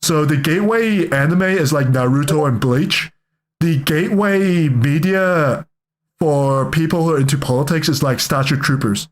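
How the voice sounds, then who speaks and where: A man's voice: on the high side, moderate pace. A young man giving casual reaction commentary, rambling and joking, often correcting himself mid-sentence. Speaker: reaction streamer.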